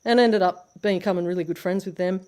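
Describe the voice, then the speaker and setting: A woman's voice: on the low side, fairly quick, darkish tone, clear, resonant tone. An Australian woman in casual conversation, telling a blunt, sweary story and acting out what people said. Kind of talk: casual chat.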